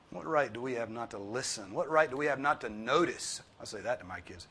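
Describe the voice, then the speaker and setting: A man preaching a sermon, earnest and pleading, repeating his points for emphasis and swinging from soft, low tones to loud, high ones. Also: lively intonation, a little fast, slightly rough. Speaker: pastor.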